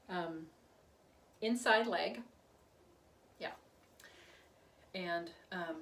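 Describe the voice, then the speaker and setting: A woman's voice: medium pitch, a bit bright. A woman casually teaching chorus choreography, chatting and half-singing lyrics as she demonstrates moves. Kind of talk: casual dance instruction. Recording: roomy, recorded from a distance.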